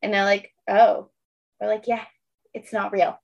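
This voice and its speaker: A woman chatting casually about her young daughter, relaxed and agreeable with short reactions. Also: mid-range voice, moderate pace, vocal fry. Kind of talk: casual chat. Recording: dull lo-fi sound.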